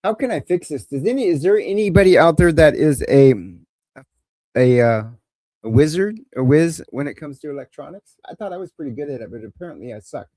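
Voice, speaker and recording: Man, livestream call-in host, slightly high voice, crude rambling jokes, dry close sound. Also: animated, fairly quick, mellow, no echo. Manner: rambling and crude, joking through technical trouble. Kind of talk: casual livestream chat.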